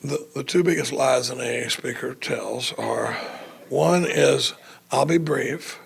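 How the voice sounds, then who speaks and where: Raspy gravelly guy rambling thru a funny story at a retreat, lots of restarts. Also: medium pitch, slow pace. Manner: rambling, self-mocking, many restarts. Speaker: recovery retreat speaker. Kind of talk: storytelling talk to a live audience. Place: retreat meeting room with audience.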